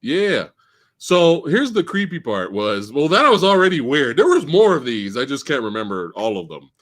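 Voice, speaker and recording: A man in his forties telling a story casually on a live stream, laughing loudly and mimicking people in a slow, low voice. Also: sing-song.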